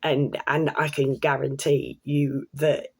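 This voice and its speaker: Gravelly, chatty woman vlogger. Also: a bass voice, slow pace. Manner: chatty, excitable, laughs while telling stories; swears casually, local slang. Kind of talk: casual storytelling to camera.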